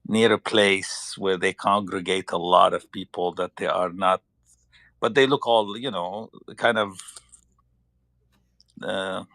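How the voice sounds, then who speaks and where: A man's voice: deep voice, steady tone, slow, vocal fry, long pauses, fairly bright tone, no echo. A man with a Lebanese accent telling a story in a hesitant, casual way, stopping often to search for words.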